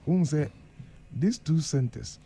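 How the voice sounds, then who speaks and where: A man's voice: on the high side, expressive, a little slow, gravelly, warm tone, breathy edge. A Ghanaian man speaking as the guest professor on a radio panel, earnest and emphatic, switching between Twi and English. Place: radio studio.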